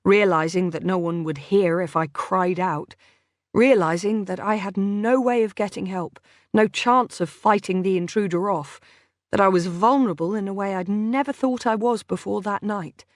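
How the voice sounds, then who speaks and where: A woman narrating a first-person thriller audiobook in a measured, unhurried way. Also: medium pitch, dry recording, studio quality.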